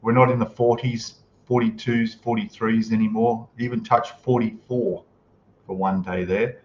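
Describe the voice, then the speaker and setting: A man's voice: on the low side, level tone, a little slow. A man hosting a casual live stream, chatting easily and greeting viewers as he reads out their comments. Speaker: livestream host. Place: home room, in Thailand. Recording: echoey room, dull lo-fi sound, faint noise.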